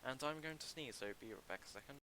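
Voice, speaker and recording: A young man with a medium-pitched, pushed and bright voice and lively intonation chats casually on a livestream as he builds a game level. He keeps stumbling through ums and restarts into his desk mic, and a little hiss or hum runs under the rough recording.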